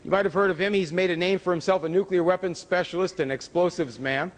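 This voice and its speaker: A man giving a public lecture with slides, emphatic, with pitch rising on key words. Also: fairly even intonation, fast. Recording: hall reverb from a lecture room.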